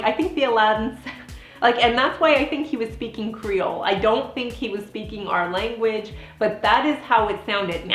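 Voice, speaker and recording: Woman in her thirties, giggly animated storyteller, casual vlog, echoey room, faint background music. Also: a little high. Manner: giggly, animated, lots of "like" fillers. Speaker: vlogger and former theme park princess performer.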